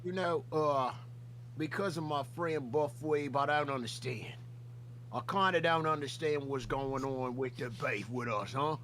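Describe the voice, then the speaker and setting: High-voiced rowdy man in a thick put-on accent. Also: a little slow, a little hiss or hum. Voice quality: exaggerated put-on accent, hard to understand. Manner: rambling, profane, bursts into shouting. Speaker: guest joining a livestream. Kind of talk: rowdy comedic rant.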